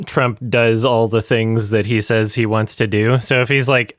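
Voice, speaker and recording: A man from Canada co-hosting a podcast in casual chat, making wry, deadpan jokes. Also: on the low side, normal speed, dry recording, clean studio sound. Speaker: podcast co-host.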